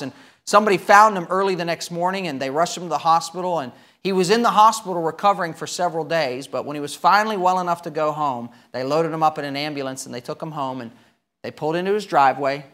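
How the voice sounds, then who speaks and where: A man preaching a sermon, telling a story with emphatic swings between loud and quiet. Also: fairly high pitch.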